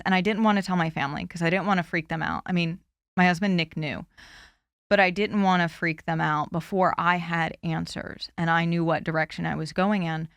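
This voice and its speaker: A woman in her forties, a candidate speaking earnestly and heartfelt in a podcast interview, often pausing with "you know". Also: lowish voice, clean tone, no echo, studio quality. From Florida. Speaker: congressional candidate guest.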